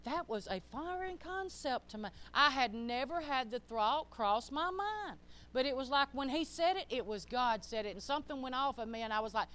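An older woman preaching a sermon, emphatic and folksy, swinging between loud and hushed. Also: sits high, expressive, moderate pace.

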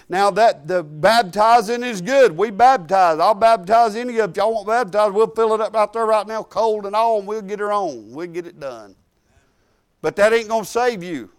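Woman, pastor preaching, emphatic and folksy, clear resonant tone. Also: medium pitch. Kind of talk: sermon.

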